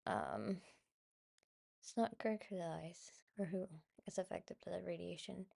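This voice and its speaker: Gravelly-voiced woman rambling about a film. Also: mid-range voice, darkish tone. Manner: swears freely, gets emotional, many fillers. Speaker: podcast host. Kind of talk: casual rambling movie chat.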